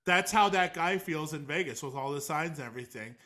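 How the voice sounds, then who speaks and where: A man's voice: a little high, brisk, pushed and bright. A man co-hosting a podcast in casual chat, laughing often and telling stories with quoted voices. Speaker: podcast co-host.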